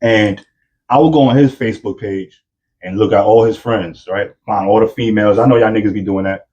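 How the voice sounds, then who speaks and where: Animated New man telling a story. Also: lowish voice, fairly quick, dull audio. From New York. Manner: animated, addresses listeners as y'all. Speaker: podcast guest. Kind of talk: casual storytelling.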